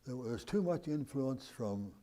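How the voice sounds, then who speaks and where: A man in his nineties, from the United States, recounts his wartime memories to an interviewer. His voice is mellow and warm, at an ordinary pitch for a man, and he tells the story with animation, chuckling along the way. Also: animated, a little slow. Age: 90s. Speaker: veteran interviewee.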